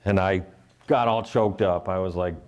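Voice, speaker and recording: A man's voice: low voice, fairly even intonation, normal speed. A middle-aged man from Ohio giving a live motivational keynote, telling earnest personal stories and acting out the voices in them. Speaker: motivational speaker.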